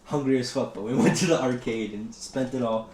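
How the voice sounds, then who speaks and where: This is casual storytelling chat from a young male podcast host who talks briskly in a mid-range voice, swearing as he rambles and voicing quotes at full volume. The room echoes, and faint noise sits under the recording.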